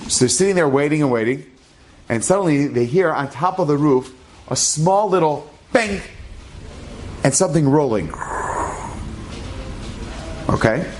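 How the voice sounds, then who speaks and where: A man, a rabbi, telling an inspirational story in an animated, casual way, acting out the dialogue. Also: a little high, slight background noise.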